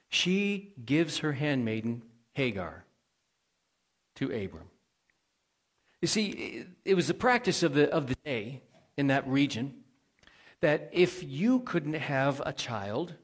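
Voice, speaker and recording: A man's voice: medium pitch, husky. A male pastor preaching a sermon in a conversational way, asking the congregation questions and adding folksy asides.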